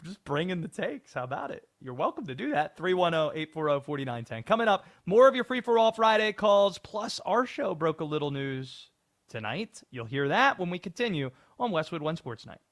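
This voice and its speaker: A man's voice: on the high side, fairly quick. A man hosting a call-in sports talk radio show, taking calls and teasing a caller's bold predictions. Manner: lively, takes calls and needles a caller's hot take.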